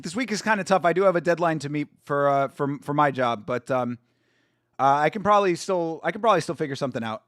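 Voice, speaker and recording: Young dude streaming a fight watch-along, high voice, hyped and slangy, lots of cussing. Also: male voice, dry recording, clean studio sound. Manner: excitable, slangy, swears, laughs often. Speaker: stream host. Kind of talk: casual live watch-along commentary.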